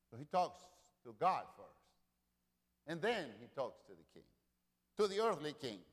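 A man preaching a sermon, repeating lines, swelling loud and falling quiet. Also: fairly high pitch, very animated, moderate pace, long pauses. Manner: rousing preaching with repetition, rising and dropping in volume. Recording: long reverb of a large hall.

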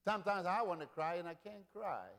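A man's voice: high-pitched, fairly quick, a bit bright. Rousing preacher man in a reverberant hall. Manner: rousing preaching with repetition, rising and dropping in volume. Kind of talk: sermon. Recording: long reverb of a large hall.

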